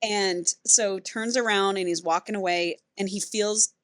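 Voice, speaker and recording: A woman's voice: medium pitch, unhurried, no echo. Woman animatedly retelling a book plot. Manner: animated storyteller who acts out characters' lines. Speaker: podcast co-host.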